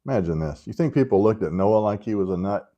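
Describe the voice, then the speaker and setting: A man's voice: lowish voice, lively intonation, quick pace, dark tone, highs cut off. A man teaching a Sunday school class in a casual, conversational way, tossing in joking asides and often checking in with "right?".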